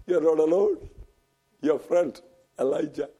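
Fervent preacher with sweeping dramatic swings. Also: male voice, a little high, lively intonation, slow, long pauses. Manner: dramatic, swinging from loud fervent cries to hushed near-whispers; repeats phrases for emphasis. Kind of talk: sermon.

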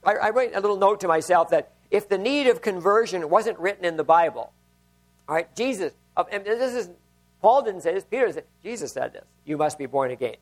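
A man's voice: sits high, animated, fairly quick, soft background music. An older man, a pastor, preaching a sermon in a conversational way and telling personal stories.

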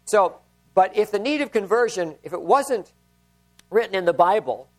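Older man, pastor, high voice, conversational sermon, personal anecdotes. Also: animated, normal speed. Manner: conversational preaching with personal stories.

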